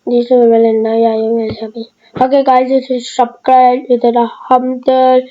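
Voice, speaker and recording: A woman giving casual, rambling gameplay commentary in short excited bursts. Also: a little high, normal speed, muffled recording. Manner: excitable, rambling, broken phrasing. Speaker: gaming video creator.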